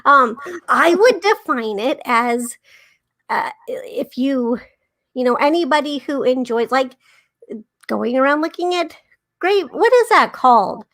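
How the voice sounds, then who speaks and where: A woman guest in a casual interview chat, enthusiastic but pausing with fillers as she searches for words. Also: high voice, expressive, a bit bright.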